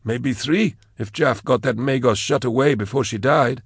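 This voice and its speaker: A man voicing a nervous young thug with a high, strained voice. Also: normal speed, gravelly, breathy edge, dry recording, studio quality. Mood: anxious.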